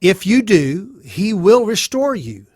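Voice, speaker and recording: Man doing stern lecturing friend, accusing and preachy, lively delivery. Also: high-pitched, slow, husky, dry recording, clean studio sound, voice pushed up, heavily acted. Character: stern self-righteous male friend lecturing.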